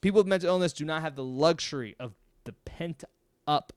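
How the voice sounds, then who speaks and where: Energetic man coaching, smooth resonant voice. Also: on the high side, fairly quick, no echo. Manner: energetic, emphatic, acts out sample dialogues. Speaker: mental health life coach and show host. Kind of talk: casual advice monologue. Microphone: close microphone.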